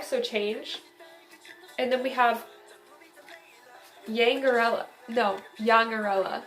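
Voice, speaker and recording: A bubbly, chatty young woman giving a casual tarot reading, often giggling. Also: a little high. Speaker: tarot reader. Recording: echoey room with background music.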